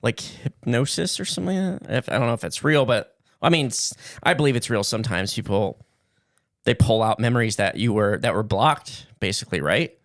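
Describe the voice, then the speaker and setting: Man giving short, halting replies. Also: on the low side, lively intonation, a bit bright, no echo, studio quality. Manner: short reactions, halting questions. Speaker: podcast co-host. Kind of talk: casual podcast chat.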